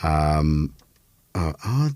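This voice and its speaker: Man, deep voice, slow and meandering live-demo host, rambling and self-correcting, animated intonation. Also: dry recording, clean studio sound. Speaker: host of a synth livestream. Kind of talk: casual live demo chat.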